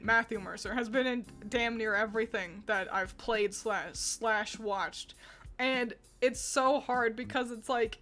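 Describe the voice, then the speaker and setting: A woman's voice: fairly high pitch, sharp tone. A woman streamer in casual, rambling chat, laughing often as she reacts to fan art.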